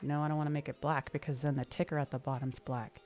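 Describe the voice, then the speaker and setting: Casting: woman with a low, deep voice, laid-back livestream host, chatty and upbeat, faint music underneath. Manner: chatty, reads out and answers viewer comments; relaxed, upbeat, drawn-out fillers. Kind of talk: casual livestream chat.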